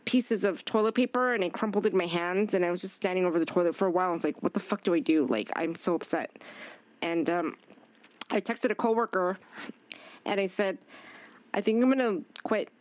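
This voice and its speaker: A woman's voice: mid-range voice, normal speed, long pauses, no echo. Candid, swearing woman in a dry room. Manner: candid, swears freely, retells dialogue. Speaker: podcast guest; chef. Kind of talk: casual chat.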